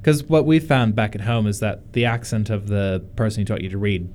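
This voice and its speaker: A man's voice: fairly low pitch, fairly quick, darkish tone, slight background noise. A man with an Australian accent that leans American, chatting casually and asking questions on a podcast. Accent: Australian with an American tinge. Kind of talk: casual chat.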